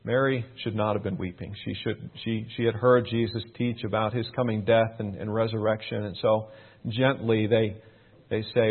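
A man preaching a sermon in a measured way, repeating key phrases for emphasis. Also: fairly low pitch, flat delivery. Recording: phone-like narrow band.

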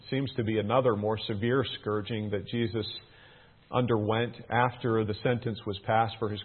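A man's voice: fairly low pitch, husky. A middle-aged man teaching through a Bible passage, earnest, his emphasis rising on questions. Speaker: preacher. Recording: tinny phone-like band.

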